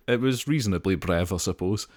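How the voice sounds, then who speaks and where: Man hosting a podcast, low animated voice, dry close sound, brisk. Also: no echo. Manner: brisk, leads the segments. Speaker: podcast host. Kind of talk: casual chat.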